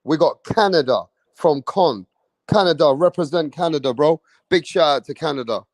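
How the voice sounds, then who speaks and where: A young man with a fairly high, expressive voice hosts a livestream at a normal speed, with no room sound in the recording. He chats brashly and slangily, swearing a lot and erupting in loud bursts of hype as he reads out viewer comments.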